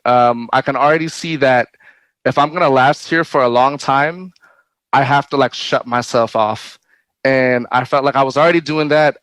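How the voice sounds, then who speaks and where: A man, a guest speaker, sharing a personal faith testimony in a halting, candid way, with many fillers and restarts and frequent laughs. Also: medium pitch, a bit bright, no echo, rough recording.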